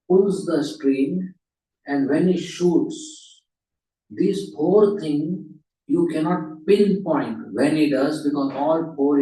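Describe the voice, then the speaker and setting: Brief: unhurried male class speaker with a mellow voice and animated storytelling, recorded far from the mic in a roomy hall. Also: medium pitch. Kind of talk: storytelling lecture. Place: temple hall.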